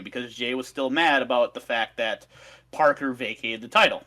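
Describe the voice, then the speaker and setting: A man's voice: mid-range voice, brisk, sharp tone. A man on a casual podcast, recapping notes in an upbeat, slightly scattered way. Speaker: podcast co-host reading out history notes.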